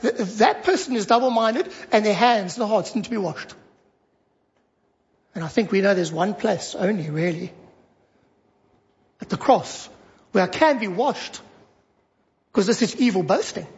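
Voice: mid-range voice, animated, measured pace, long pauses, darkish tone. A preacher giving a sermon, emphatic and fond of repeating short phrases for stress. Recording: dull lo-fi recording.

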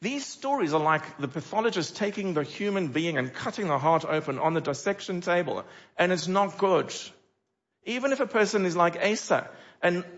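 A middle-aged male pastor delivers a sermon with a fairly high voice and lively rhetorical questions. The recording is slightly dull and lo-fi. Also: normal speed. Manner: animated, with dramatic rhetorical questions.

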